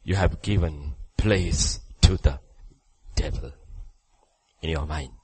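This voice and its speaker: A man preacher delivering a sermon, swinging between loud urging and quiet drops. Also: a bass voice, slow, breathy edge, low-quality recording.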